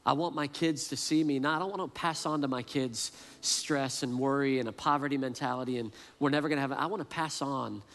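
A pastor preaching in a mid-pitched male voice that sounds neither high nor low. He talks earnestly and often doubles back on his words mid-thought. His voice rings out with a long reverb, as if in a large church hall. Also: brisk, few pauses, fairly bright tone. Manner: earnest, repeats words as he restarts. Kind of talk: sermon.

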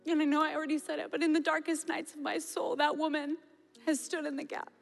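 A woman in her forties giving a passionate sermon testimony and prayer, at times dropping to a hushed voice. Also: high-pitched, level tone, quick pace, gravelly. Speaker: preacher. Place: large church hall. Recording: reverberant hall with soft music. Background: soft music.

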